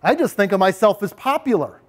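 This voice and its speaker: A man's voice: high-pitched, sing-song, brisk. A man giving a talk on bullying prevention to parents, animatedly speaking in the first person as a bully. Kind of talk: lecture with role-play.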